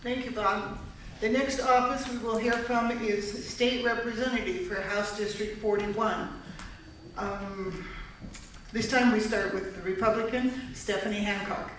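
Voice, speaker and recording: A moderator briskly introduces the next speakers at a community forum. The voice sounds distant and very echoey, with faint noise underneath. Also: mid-range voice, steady tone, a bit bright. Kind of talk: announcing speakers. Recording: echoey hall, mic from far off, faint noise.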